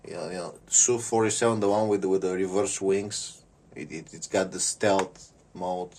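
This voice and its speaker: A man giving a rambling comedic monologue. He repeats words and often clears his throat. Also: sits low, fairly even intonation, normal speed, darkish tone, distant mic.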